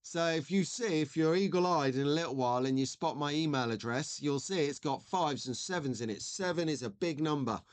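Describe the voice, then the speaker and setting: A man's voice: fairly high pitch, fairly quick, few pauses. A man in his forties hosting a live stream, chatting in a rambling way and reading out viewer messages. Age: 40s. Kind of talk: casual live-stream chat.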